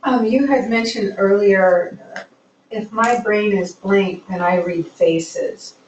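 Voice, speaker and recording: A woman's voice: mid-range voice, slow, dull audio, slight background noise. Woman student, hesitant questions, roomy echo, distant. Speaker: student, school staff member. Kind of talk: asking questions in class. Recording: echoey room, voice from far off.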